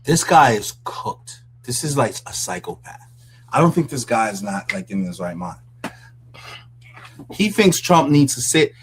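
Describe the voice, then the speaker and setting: A man's voice: mid-range voice, big pitch swings, measured pace, noisy background. A man hosts a casual commentary show, reacting to a clip with mocking disbelief. He talks loosely and conversationally and breaks into laughs often. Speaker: commentary host.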